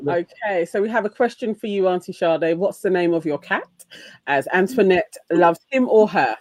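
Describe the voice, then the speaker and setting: A woman's voice: lowish voice, animated, moderate pace, no echo. A woman co-hosting a podcast, reading viewer comments in an upbeat, giggly way. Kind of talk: casual chat.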